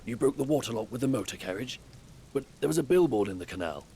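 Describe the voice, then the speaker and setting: A man's voice: medium pitch, animated, quick pace, warm tone, a little hiss or hum, close to an everyday voice. An actor playing a patient, stuffy-sounding male cryptozoologist in a video game. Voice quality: stuffy, polite. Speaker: game character.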